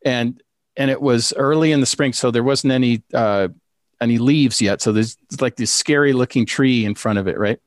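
A man's voice: medium pitch, no echo, studio quality. Man rambling through a casual anecdote. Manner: rambling, halting, lots of fillers and restarts. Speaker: storyteller recounting a ghost experience.

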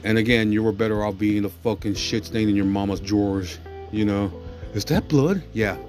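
Over faint background music, a male podcaster delivers a profane, aggressive rant, repeatedly tossing in "you know what I'm saying" between curses. His voice is fairly low and darkish, his tone level, and he talks a little fast.

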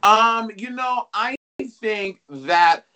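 Bright, high-voiced candid male guest. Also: extremely slow. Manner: expressive, candid, rambling. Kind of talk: casual chat.

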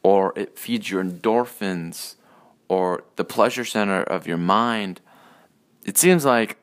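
A man's voice: on the low side, slow pace, smooth. A man hosting a casual solo rant podcast, rambling and profane with many hesitations. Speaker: podcast host.

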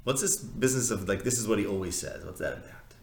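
A man's voice: lowish voice, animated, fast, a little mellow. Casual man teaching a text class, echoey room. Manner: conversational, questioning, full of restarts and fillers. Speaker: Torah teacher.

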